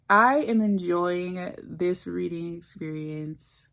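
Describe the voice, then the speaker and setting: A woman's voice: on the low side, takes it slowly, creaky. A woman chatting casually in a book vlog, effusive and gushing, full of "like" fillers. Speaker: book vlogger. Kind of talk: casual reading vlog chat.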